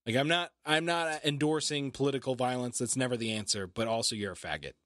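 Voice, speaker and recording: A man's voice: medium pitch, fast talker, a bit bright, dry recording, studio quality. A man co-hosting a podcast, talking in a blunt, profane and confrontational way. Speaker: podcast co-host. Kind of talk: casual chat.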